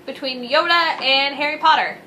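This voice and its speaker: Young woman co-host, bright sharp voice, dry blunt humor, faint hum. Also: high-pitched, moderate pace, low-quality recording. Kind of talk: casual chat.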